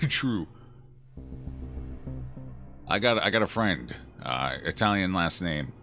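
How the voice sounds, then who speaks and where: A chatty male streamer gives joking let's-play commentary and answers his chat as he plays. His voice sits fairly low but swings animatedly through his range. It has a crisp, bright edge, with faint game music underneath. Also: animated, takes it slowly. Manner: chatty and jokey, reacting aloud to chat. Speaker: gaming streamer.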